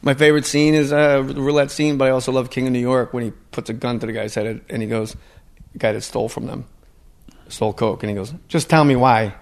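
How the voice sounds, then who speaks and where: Man, gravelly voice, casual chat, animated storyteller, slips into impressions. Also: mid-range voice, quick pace.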